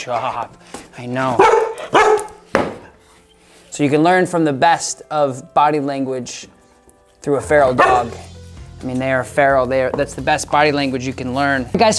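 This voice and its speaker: Chatty dog trainer vlogging a session, lots of "good girl", faint music behind. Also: mid-range voice. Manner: upbeat, chatty, praises the dog often. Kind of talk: casual training vlog. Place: indoor room with a dog crate.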